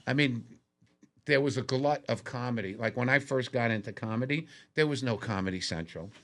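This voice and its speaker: A man's voice: medium pitch, a little fast. A man, a comedian guest telling stories on a podcast and acting out the people he quotes. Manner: animated storyteller, acts out quotes in a raised voice. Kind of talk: casual storytelling on a podcast.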